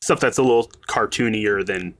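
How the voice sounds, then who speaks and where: Game designer guy on a podcast, kinda low voice, dry close sound, laughs a lot. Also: moderate pace, a bit bright, dry recording. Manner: enthusiastic, laughs often. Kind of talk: casual podcast interview.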